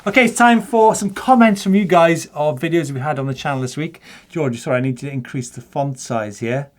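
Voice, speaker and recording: A man's voice: on the high side, brisk, soft background music. A middle-aged man hosting a studio chat show, joking and reading out viewer comments. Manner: jokey, reads out viewer comments. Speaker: show host.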